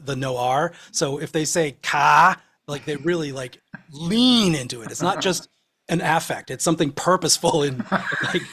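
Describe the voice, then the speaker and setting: A man's voice: mid-range voice, a bit bright. A man in casual podcast chat about songwriting, rambling with ums and restarts.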